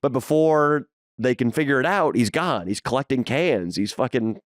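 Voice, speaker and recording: A man's voice: medium pitch, animated, normal speed, no echo, clean studio sound. Crude joking male podcast co-host. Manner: crude, jokey storytelling. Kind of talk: casual podcast banter.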